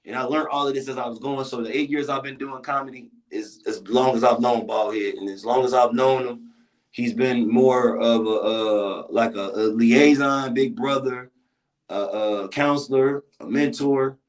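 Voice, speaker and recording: A man who is a comedian, telling stories in a casual interview, loose and relaxed with repeated words. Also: medium pitch, moderate pace, low-quality recording. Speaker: comedian guest.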